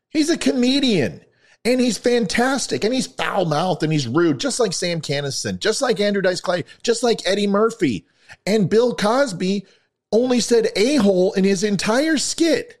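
A man giving an opinion commentary monologue, sarcastic and ranting, swinging between loud lines and muttered asides. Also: high voice. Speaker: online commentator.

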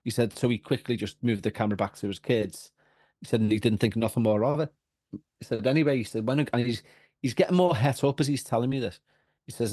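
A man with a Liverpool accent, a podcast guest telling a story in casual chat, animated and full of restarts and repeats. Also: mid-range voice, fast, husky, dry recording, studio quality.

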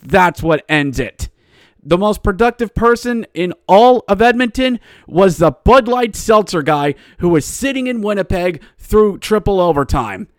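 A man's voice: sits high, expressive, measured pace, no echo, studio quality. A man hosting a solo sports podcast, mocking and ranting, rising into exasperated outbursts. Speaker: podcast host. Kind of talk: sarcastic solo sports commentary.

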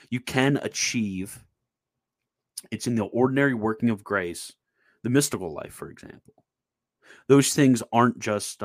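A man's voice: fairly low pitch, dry recording. Man, informal lecture, earnest exhortation, frequent fillers and restarts, dry close sound. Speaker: host and teacher. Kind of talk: informal spoken commentary on a theology text.

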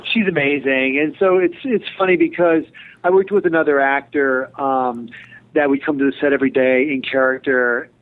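A middle-aged man, a television director, giving chatty, digressive interview answers with a joking streak. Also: mid-range voice. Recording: tinny phone-line audio.

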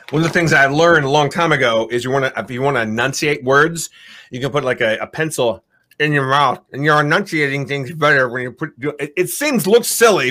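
Lively, higher-pitched man, laughs a lot; casual guest voice actor. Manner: animated, laughs often, slips into voices. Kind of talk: casual chat.

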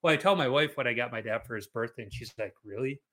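Bright-voiced male podcast host. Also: mid-range voice, fast. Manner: storytelling, animated quoting of family. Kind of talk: casual interview chat.

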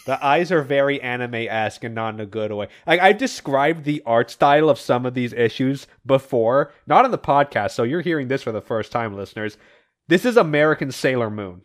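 Male podcast co-host, casual and laughing, lively melody in his speech. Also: medium pitch, brisk. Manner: recaps plots, laughs often. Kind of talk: casual comic review chat.

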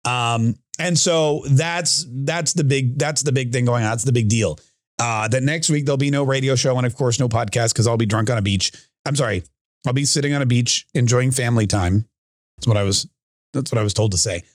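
A man's voice: mid-range voice, brisk, no echo, studio quality. A man hosting his own podcast, talking casually and rambling a little as he opens with news and opinion. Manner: chatty, rambling, with frequent restarts and asides. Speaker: podcast and radio host. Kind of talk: casual political monologue.

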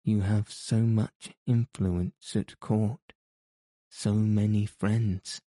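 Man voicing a despairing noble lady, pleading, slow, low and mellow, flat delivery. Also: no room sound, studio quality. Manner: anguished, pleading. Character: distraught noble young woman pleading.

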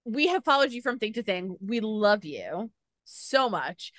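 A woman's voice: medium pitch, sing-song, measured pace, a bit bright, dry recording. Gushing woman interviewer, dry sound. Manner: gushing, effusive fan. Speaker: interviewer, host. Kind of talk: casual interview chat.

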